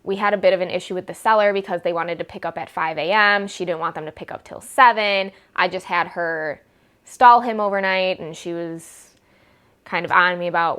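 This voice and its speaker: A woman's voice: lowish voice, moderate pace, fairly bright tone, clear, resonant tone. A young woman vlogging a casual storytime, rambling and exasperated, with wry sarcasm.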